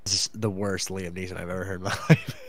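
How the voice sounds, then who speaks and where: A man's voice: low-pitched, fast talker. A man from the American Midwest co-hosting a podcast, with teasing casual chat. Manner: dry, teasing, laughs often. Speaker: podcast co-host.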